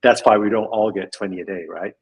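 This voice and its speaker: A tech company's head speaks as a guest in a casual interview, thoughtful and rambling, restarting sentences and laughing softly. His voice is fairly low and slightly rough, delivered fairly quickly with fairly even intonation, and the recording is rough.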